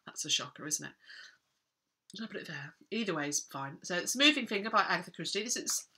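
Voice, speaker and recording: Woman, middle-aged, book vlogger. Chatty and rambling, slightly low voice with a very bright tone. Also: expressive, quick pace. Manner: rambling, self-interrupting, chatty.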